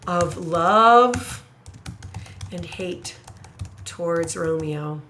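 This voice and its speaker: A woman teacher thinking out loud as she writes an essay paragraph, musing, hesitating and correcting herself as she goes. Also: fairly low pitch, drawn-out words, slight background noise. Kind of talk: thinking aloud while writing an essay paragraph.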